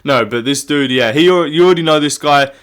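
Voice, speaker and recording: A man's voice: on the high side, brisk, fairly bright tone, smooth. A young man, rambling through jokey, sweary sports commentary and laughing at himself. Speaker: YouTube MMA commentator. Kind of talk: casual comedic commentary.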